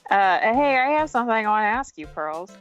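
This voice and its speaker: A woman's voice: fairly high pitch, expressive, fairly quick, muffled recording, faint music behind, lightly acted. A woman reading an earnest young male defense lawyer in her own plain voice for a let's-play fan dub.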